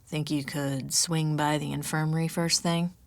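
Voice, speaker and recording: A woman narrator voicing an easygoing, friendly man who speaks in a relaxed, low-key way. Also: moderate pace, gravelly, no echo.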